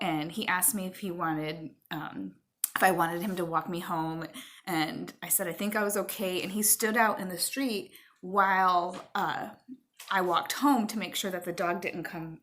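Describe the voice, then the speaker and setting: A middle-aged woman telling a rambling personal story at home to her viewers, with fillers and pauses. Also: fairly low pitch, fairly bright tone, a little hiss or hum. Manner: chatty, rambling with fillers, stops to talk to her child. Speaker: vlogger. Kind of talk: casual storytelling to camera.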